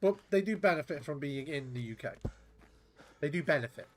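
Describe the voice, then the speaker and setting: A man's voice: fairly high pitch, animated, brisk. A man, chatting casually to viewers while streaming games, rambling and swearing. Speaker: game streamer. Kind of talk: casual live-stream chat.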